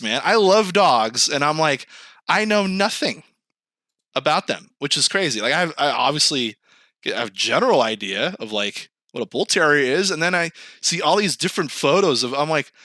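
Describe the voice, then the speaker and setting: Casting: bright, expressive man, casual podcast banter. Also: a little high, normal speed, no room sound, studio quality. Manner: animated, swearing, laughing, acting out quoted lines. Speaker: podcast co-host. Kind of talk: casual chat. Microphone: remote call mic, screen sharing.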